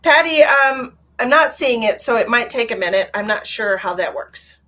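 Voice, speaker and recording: A woman's voice: fairly high pitch, animated, moderate pace, a bit bright. A woman hosting a live psychic reading stream, chatting casually with viewers and calling them by pet names.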